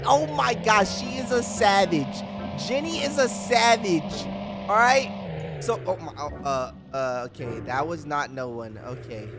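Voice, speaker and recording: A young man commentating his gameplay, animated and slangy, reading chat lines aloud. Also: on the high side, measured pace, creaky, music in the background. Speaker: gaming YouTuber.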